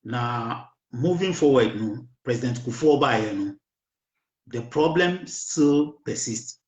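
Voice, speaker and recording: Man, Ghanaian accent, hoarse, slow and halting, talk show host, muffled echoey room. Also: mid-range voice, lively intonation. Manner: slow, halting, mixes English into Twi. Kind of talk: casual political talk.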